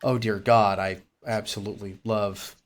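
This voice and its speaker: A man's voice: fairly low pitch, steady tone, moderate pace. A man on a streamer panel talking casually, emphatic and teasing.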